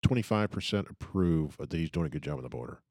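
A man's voice: a bass voice, lively intonation, fast, a little mellow, dry recording, clean studio sound. A man co-hosting a casual political chat, emphatic and swearing freely. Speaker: podcast co-host.

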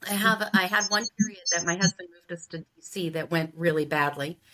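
Bright-voiced middle-aged woman from Ohio. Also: on the low side, brisk. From Ohio, US Midwest. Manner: animated storyteller who acts out quoted dialogue. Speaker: sales coach and podcast guest. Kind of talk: casual interview storytelling.

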